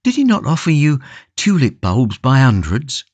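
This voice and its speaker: A man voicing a gentle, devoted young woman in an audiobook, in a softly pleading, eager manner. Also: medium pitch, huge pitch swings, normal speed, no echo, pitched above the performer's own voice. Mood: earnest. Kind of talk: audiobook character reading.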